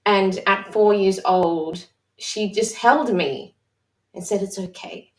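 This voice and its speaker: A mother leading a discussion session who talks in a candid, reflective, halting way with frequent restarts. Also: mid-range voice. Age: adult mother. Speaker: session facilitator. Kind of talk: personal sharing in a live-streamed discussion. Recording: roomy echo, voice far from the mic.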